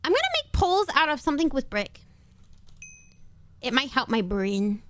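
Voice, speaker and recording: A woman chatting casually while playing a game on stream, rambling through quick asides and laughing often. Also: high voice, very animated, a bit bright. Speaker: VTuber streamer. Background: faint background music.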